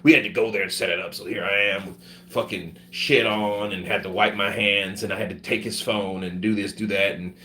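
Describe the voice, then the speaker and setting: Low-voiced man telling a profane story. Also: fairly quick, a little hiss or hum. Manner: profane, animated, acts out other people's voices. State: sick with covid. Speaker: vlogger telling his travel story. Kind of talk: casual storytelling.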